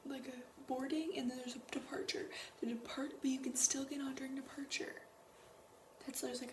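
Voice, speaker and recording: A woman's voice: high voice, a little hiss or hum. A teenage girl vlogging a casual storytime, rambling with lots of swearing and restarts. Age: teens. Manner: rambling, swears a lot, many restarts and fillers.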